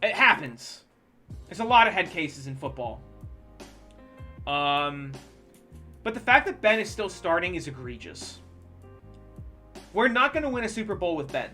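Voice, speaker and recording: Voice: mid-range voice, unhurried, pauses often, faint music behind. A streamer ranting casually and profanely about football while playing a baseball management game. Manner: animated, profane sports ranting.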